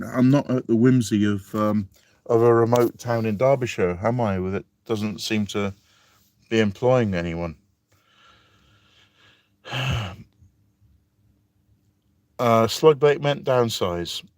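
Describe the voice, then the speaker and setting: A man's voice: lowish voice, a little mellow, no room sound. A man from England, chatting casually on a live stream and reading out viewer comments with self-deprecating chuckles. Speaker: vlogger reading live chat.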